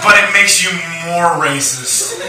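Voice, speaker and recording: A tipsy young man with a high-pitched voice does a crude, rambling stand-up set full of shock humor in a lounge bar, speaking at a measured pace. A crowd is audible, and the room is echoey with the mic far away.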